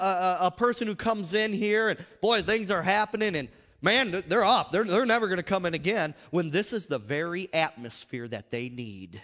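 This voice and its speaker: A pastor preaching a lively sermon in a church, repeating himself and laughing often. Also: male voice, high-pitched, big-room sound.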